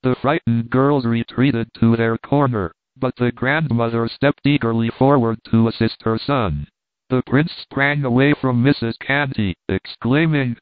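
A man's voice: mid-range voice, steady tone, a little slow, dry recording. Man reading a classic novel, tinny sound. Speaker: audiobook narrator. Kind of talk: scripted narration of a classic novel. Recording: tinny phone-like sound, dry.

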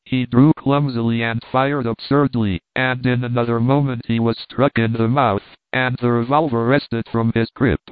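Male audiobook narrator, steady measured reading, tinny phone-like sound, dry. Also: mid-range voice, smooth, no room sound. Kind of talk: reading a classic novel aloud.

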